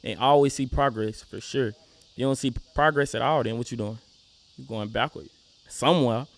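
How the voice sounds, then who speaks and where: A man's voice: medium pitch, moderate pace. A young man with a Southern US accent, a rapper talking casually as an interview guest, laid-back and full of "you know what I'm saying".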